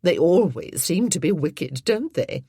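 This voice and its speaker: A haughty older lady, cold and spiteful, with an icy, superior way of drawing out her words, as a woman narrator puts her on. The voice is husky and dry. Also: low voice, sing-song, unhurried, warm tone, no room sound, full character voice.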